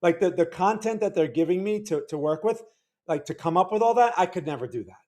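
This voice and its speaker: High-voiced man rambling on a livestream. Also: animated, quick pace. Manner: rambling, stammering, repeats words, greets chat viewers loudly. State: weak, worn voice. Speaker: livestream host. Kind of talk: casual livestream chat with viewers.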